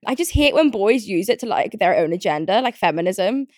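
A woman's voice: mid-range voice, expressive, fairly quick, dry recording, studio quality. A young British woman hosting a podcast, chatting casually and ranting in a riled-up way, with lots of fillers, swearing and frequent laughter. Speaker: podcast host. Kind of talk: casual chat.

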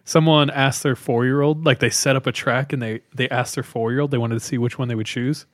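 Young dude cracking jokes on a podcast, mid pitch, dry close sound. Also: male voice, fairly even intonation, dry recording. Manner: joking, quick to laugh, says "dude". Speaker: podcast co-host. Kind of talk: casual chat.

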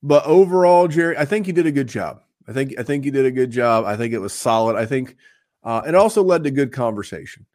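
A man hosting a fantasy football podcast, chatting casually and upbeat, rambling a little as he gives shout-outs and plugs. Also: mid-range voice, animated, quick pace. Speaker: podcast host.

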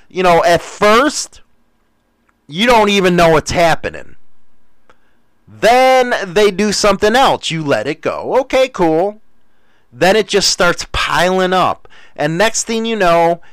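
A man's voice: a little high, a bit bright, smooth, no echo. Crude rambling American man. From United States. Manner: rambling, crude, joking, lots of fillers. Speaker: live stream host reading chat. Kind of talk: casual crude chat.

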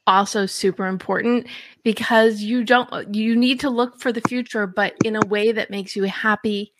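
A woman's voice: medium pitch, fairly even intonation, moderate pace, noisy background. A woman hosting a podcast, talking enthusiastically in a casual conversation and often restarting her sentences. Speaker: podcast host.

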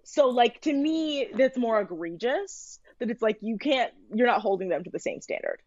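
A woman's voice: on the high side, lively intonation, normal speed, darkish tone, no room sound, highs cut off. A woman co-hosting a podcast, chatting casually and opinionated as she recaps a TV show with lots of fillers. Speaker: podcast co-host.

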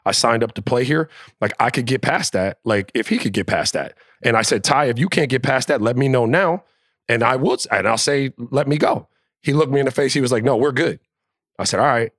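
A man telling a locker-room story in a casual podcast chat, animated and profane, acting out the quotes. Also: mid-range voice, a little fast, no room sound, studio quality. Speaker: podcast co-host, former NBA player.

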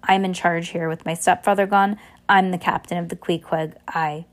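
A woman's voice: on the low side, steady tone, moderate pace, lightly acted. Woman doing a fierce young captain. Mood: commanding. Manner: insistent, commanding.

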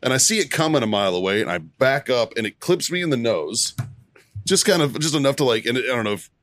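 A man's voice: mid-range voice, fast talker, dry recording. A man telling a story with lots of swearing and frequent laughs in a casual podcast chat among friends. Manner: profane, laughing often, animated retelling. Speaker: podcast co-host.

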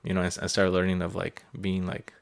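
A man's voice: sits low, completely flat delivery, a little fast, gravelly. A young man from California with a Californian accent, hosting a laid-back casual chat full of "dude" and "like".

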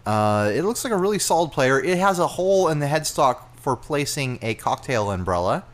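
A young man co-hosting a casual gear podcast, chatty and quick to laugh, reading out listings. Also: medium pitch, big pitch swings. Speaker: podcast co-host. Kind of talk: casual chat.

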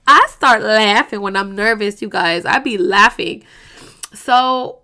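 A young woman telling a personal story to her viewers, full of slang and swearing, switching into quick impressions of herself and others. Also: fairly high pitch, bright, forceful tone. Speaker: vlogger. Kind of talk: casual storytelling to camera.

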